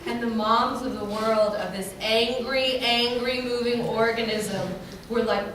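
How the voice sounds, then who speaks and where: A young woman on a convention panel telling a story, animated and self-mocking, often laughing as she talks. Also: on the high side, unhurried, crowd noise. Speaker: panel guest. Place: large convention hall. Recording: echoey hall, mic far off, noisy.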